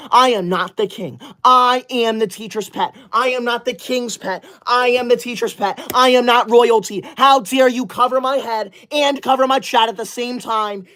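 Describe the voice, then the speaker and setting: A performer playing a self-righteous young livestreamer who loves school, scolding the chat with indignant, sudden shouted outbursts into a close mic. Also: mid-range voice, unhurried, close to an everyday voice. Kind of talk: comedy sketch livestream.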